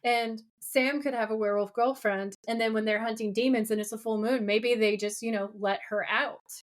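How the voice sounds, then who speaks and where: A woman's voice: on the high side, normal speed. A woman co-hosting a podcast, retelling a TV episode in casual chat full of fillers. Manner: animated, filler-heavy retelling. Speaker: podcast co-host.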